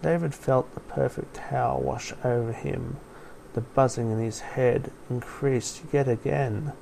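Male narrator for an audio story, dark and gravelly, unhurried and hushed. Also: medium pitch, steady tone, slight background noise, poor audio.

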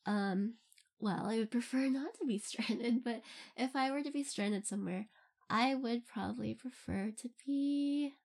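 A woman's voice: on the high side, a little slow, creaky, a little mellow. Giggly young woman, rambling casually. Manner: giggly, rambling, laughs often between phrases. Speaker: audio creator answering listener questions. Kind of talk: casual Q&A chat.

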